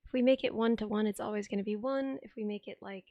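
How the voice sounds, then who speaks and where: A young woman with a sick voice, chatting on a live stream, thinking aloud as she tinkers and thanking viewers with excitement. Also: mid-range voice, fast talker, dry recording, muffled recording. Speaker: livestreamer. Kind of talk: casual live stream chat. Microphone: desk streaming microphone.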